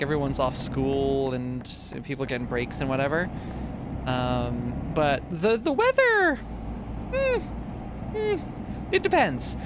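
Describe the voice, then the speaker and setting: A man in his twenties, a streamer chatting playfully and reading his chat aloud while he plays a game. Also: fairly high pitch. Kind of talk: casual live-stream chat while gaming. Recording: truck engine noise from the game.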